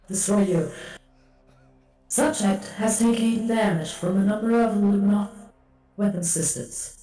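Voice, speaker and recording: A man using a voice changer to voice a female suit computer, flatly reading scan text. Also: sits high, heavy reverb, recorded from a distance, voice pushed up, poor audio. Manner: flat reading of on-screen text.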